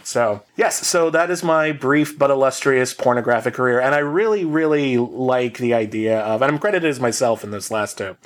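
A man's voice: mid-range voice, normal speed, few pauses. A man co-hosting a podcast, telling a long comic story in a rambling, self-mocking way with many fillers. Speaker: podcast co-host. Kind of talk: casual storytelling.

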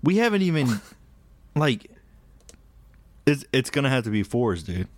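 A man's voice: mid-range voice, big pitch swings, a little slow, no room sound. A man co-hosting a podcast, casually recounting a story in a laid-back, crude way. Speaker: podcast co-host.

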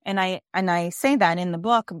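A woman's voice: fairly low pitch, moderate pace, no echo. Brief: woman coach guest, insistent and repetitive, close dry voice. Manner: emphatic, repeats key phrases, restarts often. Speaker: executive life coach and author. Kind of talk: interview guest explaining ideas.

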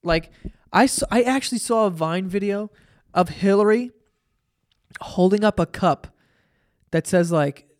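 A man's voice: high-pitched, unhurried, pauses often. A man hosting a solo podcast, ranting casually with lots of swearing and sarcastic exasperation. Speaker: podcast host.

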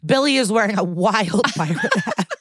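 A woman's voice: medium pitch, animated, normal speed, fairly bright tone, no echo. A woman co-hosting a podcast, casually retelling a TV episode and laughing often. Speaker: podcast co-host. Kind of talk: casual recap chat.

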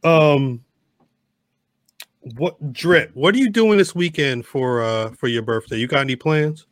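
A man hosting a rowdy live podcast, loud and laughing, talking over the others in casual chat. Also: medium pitch, a little slow, no room sound. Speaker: podcast host.

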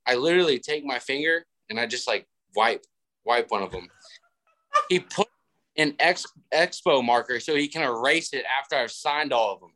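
A young man in his twenties chats easily as a podcast guest, with a middle-pitched voice. He tells stories in a relaxed, laid-back way and jumps higher when he quotes other people. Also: moderate pace. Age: 20s. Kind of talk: casual podcast chat.

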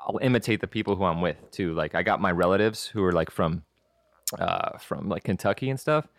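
A man's voice: deep voice, brisk, no echo, studio quality. Laid-back young man rambling in slang. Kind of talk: casual chat.

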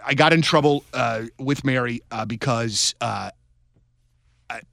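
A man co-hosting a sports podcast, telling stories in a rambling, animated way with many restarts. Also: mid-range voice, measured pace, gravelly, dry recording, studio quality. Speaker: podcast co-host. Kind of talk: casual sports chat.

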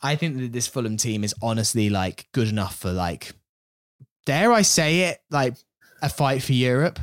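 A mid-pitched man in casual football chat. He reasons things through aloud, hedging often and softening his claims. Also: expressive, normal speed. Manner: thoughtful, hedging with "I think" and "like". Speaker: podcast co-host.

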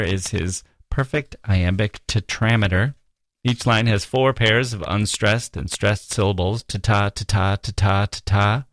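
A man hosting a podcast, giving reflective literary commentary in a musing way, with soft laughs and read-out quotes. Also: mid-range voice, no echo. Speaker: podcast host.

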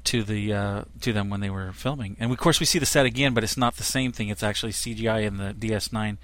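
A man's voice: fairly low pitch, fast, a bit bright, no room sound. A middle-aged man co-hosting a casual review, talking enthusiastically and rambling with many fillers. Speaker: co-host reviewer.

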